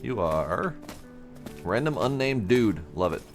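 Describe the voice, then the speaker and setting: Lively low-voiced gaming streamer. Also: male voice, takes it slowly, music in the background. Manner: playful, self-mocking, muttering asides. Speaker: gameplay streamer. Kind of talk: casual gaming commentary.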